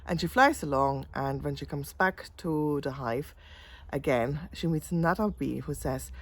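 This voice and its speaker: Low-voiced woman telling a story. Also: normal speed, slight background noise. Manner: gentle, chatty. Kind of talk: casual storytelling.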